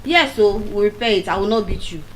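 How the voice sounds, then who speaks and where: A middle-aged woman with a Nigerian accent, giving a motivational speech as animated storytelling and repeating key phrases for emphasis. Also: medium pitch, brisk, low-quality recording. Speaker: motivational speaker. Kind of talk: public speech.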